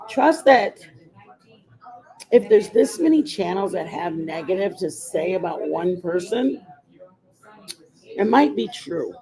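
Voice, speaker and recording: A woman's voice: medium pitch, mellow, low-quality recording. A woman hosting a casual makeup livestream, chatting in a rambling, opinionated way. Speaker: livestream host.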